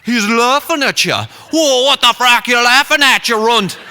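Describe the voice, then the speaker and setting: A man voicing a foul-mouthed, bullying young Irish tough in a put-on Irish accent during a live story, shouting insults. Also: very high-pitched, a little slow, in a large hall, voice pushed up, full character voice. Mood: menacing. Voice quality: loud, jeering, shouting insults.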